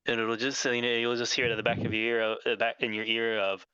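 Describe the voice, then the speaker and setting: Man narrating as game master, bright voice. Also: medium pitch, monotone, fast talker, clean tone, no room sound, lo-fi sound.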